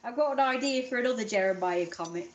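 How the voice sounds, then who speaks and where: A woman's voice: a little high, animated, quick pace, muffled recording. A woman chatting casually in a vlog, rambling and self-deprecating. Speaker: vlogger.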